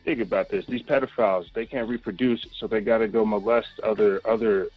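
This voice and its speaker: A man's voice: fairly low pitch, fairly even intonation, a little fast, dry recording. A man in casual podcast chat, talking emphatically and repeating his points. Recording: muffled lo-fi podcast audio, faint music.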